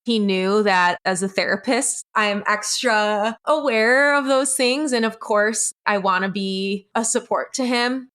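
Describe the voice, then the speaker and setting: A woman's voice: medium pitch, unhurried, few pauses, a bit bright, clean tone. A young adult woman, a guest on the show, recounting a personal story in a blunt, candid way and swearing freely. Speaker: podcast guest.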